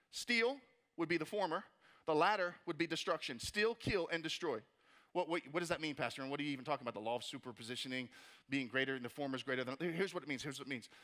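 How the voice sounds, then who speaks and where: Guy preaching, pretty high voice, lots of rhetorical questions, lively. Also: fast talker. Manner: energetic, rhetorical questions and playful asides. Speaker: pastor. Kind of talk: sermon.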